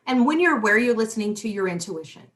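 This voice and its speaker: Speaking quickly in a slightly high voice, a middle-aged woman hosts a spiritual talk show. She keeps it casual and animated, with plenty of restarted sentences and asides to the audience.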